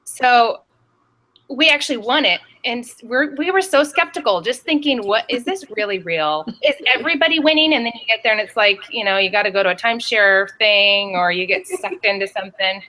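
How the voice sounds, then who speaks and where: A woman's voice: mid-range voice, a little fast. A woman reseller talking on a video call, chatty and rambling as she tells stories. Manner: chatty and rambling, lively storytelling. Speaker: reseller on a panel show. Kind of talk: casual chat.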